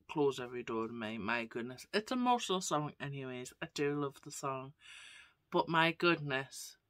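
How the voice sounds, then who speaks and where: A woman's voice: deep voice, pushed and bright, dry recording. A woman vlogger chatting casually to camera, gushing and often tagging her sentences with "right?". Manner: gushing, keeps asking "right?".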